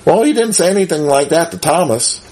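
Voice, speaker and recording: A man's voice: on the high side, animated, fairly quick, darkish tone, husky. A man giving a conversational Bible lesson, chuckling often and asking his listeners rhetorical questions. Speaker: Bible teacher.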